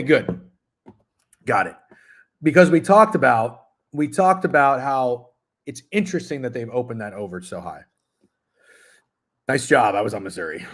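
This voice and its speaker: A man in his thirties hosting a sports betting stream, chatting casually and profanely while reading chat messages. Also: mid-range voice. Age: 30s. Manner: profane, rambling, talks with mouth full at times. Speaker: sports betting show host.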